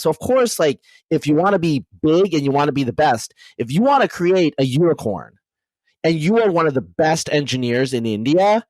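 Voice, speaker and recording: A man hosting a podcast interview, talking in a rapid, animated way with many fillers and restarts. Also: a little high, no echo. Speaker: podcast host. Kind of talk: casual conversational interview.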